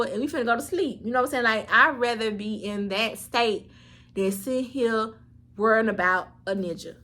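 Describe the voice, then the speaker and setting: A woman's voice: mid-range voice, sharp tone. A woman, telling a candid storytime vlog and talking straight to her viewers with earnest, preachy advice. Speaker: vlogger.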